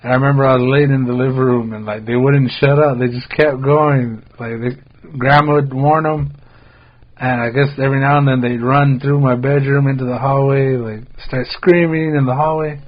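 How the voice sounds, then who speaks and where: A relaxed American man hosting a podcast, spinning a long story in easy, meandering chat. His talk is loose and profane, packed with "like" fillers, at a middle pitch. The audio sounds a little muffled and dull. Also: normal speed. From United States. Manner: laid-back, rambling, heavy on "like" fillers and swearing. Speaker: podcast host.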